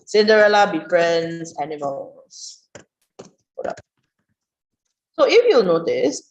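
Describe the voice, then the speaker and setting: Lively woman teaching on a roomy call. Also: on the low side. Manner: lively, prompting students and praising answers. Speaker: writing workshop teacher. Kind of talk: online class, question and answer. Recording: roomy, dull online class audio.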